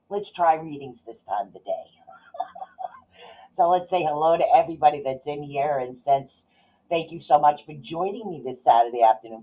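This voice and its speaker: A woman's voice: deep voice, warm tone, slightly rough. A middle-aged woman hosting a casual livestream, chatting in a rambling way and laughing often. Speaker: podcast host and psychic reader. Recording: dull lo-fi audio.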